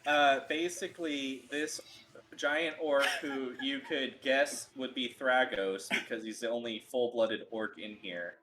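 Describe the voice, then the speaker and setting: A man narrates a tabletop game as its game master in a casual, loose way. His pitch sits in the middle range. His narration is full of fillers. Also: fairly even intonation, unhurried, fairly bright tone, a little hiss or hum.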